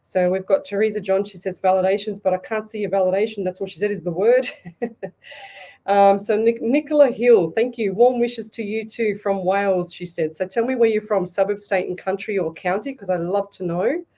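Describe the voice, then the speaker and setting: A woman's voice: medium pitch, brisk, mellow. A woman with an Australian accent hosting a live psychic reading show, talking bluntly and passionately, often restarting her sentences. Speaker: psychic medium radio host.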